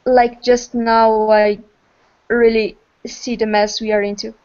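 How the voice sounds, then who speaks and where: A woman playing a frightened young woman, talking haltingly and slowly after a scare. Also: on the high side. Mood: shaken. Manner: halting, flat, slow. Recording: muffled lo-fi.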